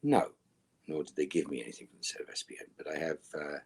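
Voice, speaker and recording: A middle-aged man with a very deep, husky voice answers fan questions over a video call. His humor is dry and wry, and his remarks often sink into soft, half-mumbled asides. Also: fast. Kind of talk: virtual fan Q&A panel.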